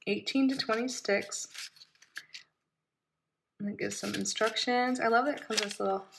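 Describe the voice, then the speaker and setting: A woman's voice: fairly high pitch, moderate pace, vocal fry, background noise. A woman doing a casual unboxing vlog, bubbly and gushing, with frequent giggles, in a small room at home. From Florida. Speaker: unboxing vlogger.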